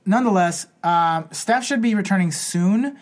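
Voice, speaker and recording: A man's voice: sits high, moderate pace. A man hosting a casual podcast, steering the talk with questions and moving it to new topics. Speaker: podcast host leading the topics. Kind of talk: casual chat.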